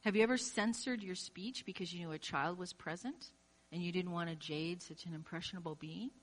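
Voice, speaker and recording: A woman's voice: fairly low pitch, fairly quick. A woman preaching a sermon, talking straight to her listeners with strong emphasis and acting out quoted inner voices. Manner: emphatic, direct address to listener.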